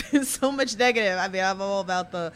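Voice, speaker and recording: A woman's voice: mid-range voice, a little fast, a bit bright, slight background noise. A woman podcast host asking questions in a chatty, upbeat way with lots of fillers. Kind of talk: casual interview.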